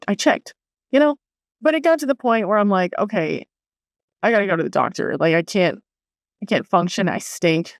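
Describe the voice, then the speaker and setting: A young woman telling a personal story to her vlog audience in a casual, animated way, swearing freely and acting out what others said. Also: mid-range voice, dry recording, studio quality. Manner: animated, swears freely, acts out quoted voices. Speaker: vlogger.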